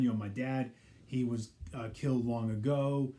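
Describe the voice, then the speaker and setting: A man's voice: mid-range voice, fairly even intonation, a little fast, warm tone. A man giving a casual, rambling recap of a TV episode, full of "you know" fillers. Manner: acts out characters' quoted lines in passing. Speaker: pop culture vlogger.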